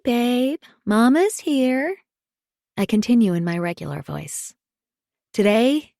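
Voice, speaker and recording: A woman narrating a thriller audiobook in the first person, measured and understated. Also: on the low side, gravelly, a little mellow, no echo, clean studio sound.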